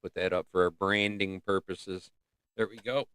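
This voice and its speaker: A man hosting a casual livestream, rambling and joking as he thinks out loud. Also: deep voice, fairly even intonation, a little slow, clear, resonant tone, dry recording, studio quality. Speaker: livestream host.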